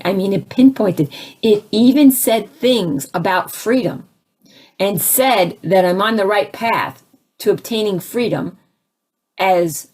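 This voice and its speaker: A woman with a slightly husky, breathy voice tells a personal spiritual story in a casual, lively way. She imitates sounds and other voices as she goes, and often restarts her sentences. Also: mid-range voice. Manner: frequent restarts, laughs between phrases. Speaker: spiritual speaker.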